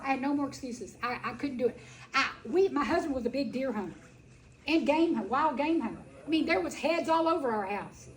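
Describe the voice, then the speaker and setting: A middle-aged woman telling a personal story at a festival, dramatic, acting out quotes and swinging between loud and soft. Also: sits high, poor audio. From Texas. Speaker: speaker at a festival. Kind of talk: storytelling talk.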